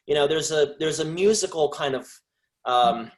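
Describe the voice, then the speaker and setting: Halting male voice actor guest. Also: on the high side. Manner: halting, with frequent restarts and trailing phrases. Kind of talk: casual interview chat.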